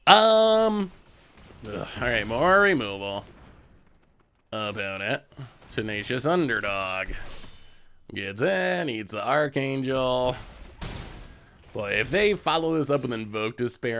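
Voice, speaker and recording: A man talking through a card game as he plays it, in a casual, chatty way. His pitch swings widely, jumping up when something surprises him. He takes his time between thoughts and laughs easily at his own remarks. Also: big pitch swings, slow pace, pauses often, pushed and bright, a little hiss or hum. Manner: chatty, self-amused, laughs often. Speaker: host. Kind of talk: casual gameplay commentary.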